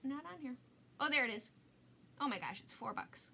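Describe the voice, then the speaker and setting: A woman's voice: sits high, animated, normal speed, vocal fry, heavy background noise. A middle-aged woman hosting a casual live craft demo, chatty and self-mocking, laughing at herself often.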